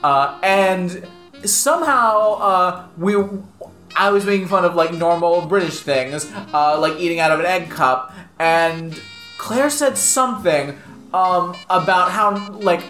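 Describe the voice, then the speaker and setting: A man's voice: sits high, slow, sharp tone. Rambling man in an echoey room. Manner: rambling storyteller with many fillers. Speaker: podcast co-host. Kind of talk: casual chat. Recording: roomy echo with faint music.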